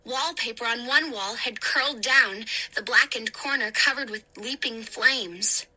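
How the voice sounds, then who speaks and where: A woman reading a spooky story aloud in a slow, deliberate, dramatic way. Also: on the high side, bright, forceful tone, rough recording. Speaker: narrator. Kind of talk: audiobook reading.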